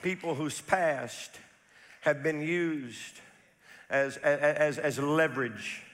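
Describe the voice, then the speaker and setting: A man preaching in a church, his voice high-pitched and bright. He tells stories quietly and confidingly, then builds to fervent, shouted climaxes. A long hall reverb trails every phrase. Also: slow. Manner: storytelling preacher who builds to impassioned shouting peaks. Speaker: pastor. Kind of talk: sermon. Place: church sanctuary.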